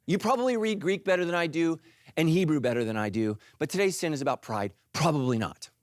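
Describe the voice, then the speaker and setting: Man preaching, middle-aged, high lively voice, dry close sound, jokey. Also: fast talker, no echo. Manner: animated, jokey, acts out voices. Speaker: pastor. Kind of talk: sermon.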